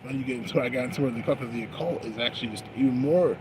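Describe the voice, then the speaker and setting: A man's voice: medium pitch, racing. A man in a rambling casual monologue, cursing and using slang as he drifts between thoughts, outdoors on a night smoke break. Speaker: vlogger. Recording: noisy outdoor street with traffic.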